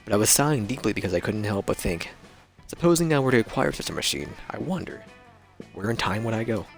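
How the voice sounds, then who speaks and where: A man's voice: fairly low pitch, big pitch swings, fast talker, creaky, faint music behind. A man reading as a smug hipster vampire. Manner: smug, drawling, self-satisfied. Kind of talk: reading game dialogue aloud.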